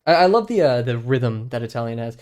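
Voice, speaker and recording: A man's voice: mid-range voice, animated, fairly quick, a little mellow. A young man, chatting casually on a live stream while he draws, rambling with many fillers and restarts.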